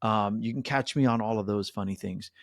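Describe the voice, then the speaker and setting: A man's voice: on the low side, a little fast, no room sound, studio quality. Chatty man presenting a webinar. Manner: chatty, upbeat, many fillers and "right?". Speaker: mortgage expert hosting a webinar.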